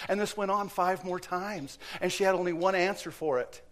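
A man preaching a sermon in a church, telling stories with acted quotes and swinging between loud and hushed delivery. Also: high voice, moderate pace, hardly any pauses.

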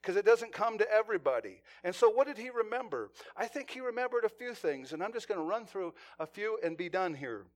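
A man preaching a sermon, telling stories in an earnest way, sometimes hushed and sometimes intense. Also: high-pitched, big pitch swings, brisk, few pauses. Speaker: pastor.

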